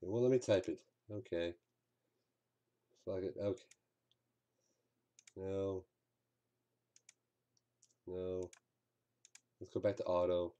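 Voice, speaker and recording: A man's voice: low-pitched, fairly even intonation, slow, long pauses, mellow, lo-fi sound. A man streaming a game, commenting live with frustrated outbursts and swearing.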